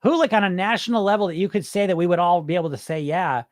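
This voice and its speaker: A man's voice: high voice, fast talker, dry recording, studio quality. A man hosting a podcast as a hypnotist, talking casually and bluntly to his live chat, swearing and firing off rhetorical questions. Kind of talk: casual live-stream talk answering chat comments.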